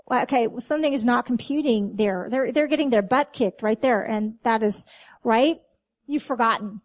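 A woman's voice: on the high side, moderate pace. A middle-aged woman preaching a sermon, talking straight to her listeners and acting out little exchanges with God. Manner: animated, talks to the audience, acts out dialogue with God.

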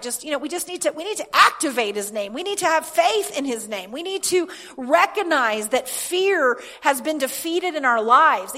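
A woman's voice: sits high, a bit bright. A woman pastor reading scripture aloud and preaching a sermon, building to fervent declarations. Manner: reads scripture aloud then preaches with rising fervor.

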